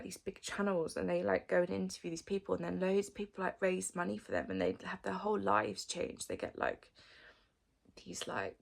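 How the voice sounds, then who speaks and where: A chatty woman in her thirties with a gravelly, fry-tinged voice answers her followers' questions. She fills her talk with "like" and now and then slips into a soft whisper. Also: medium pitch. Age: 30s. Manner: chatty, frequent "like" fillers, drops to whispers. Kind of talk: casual chat.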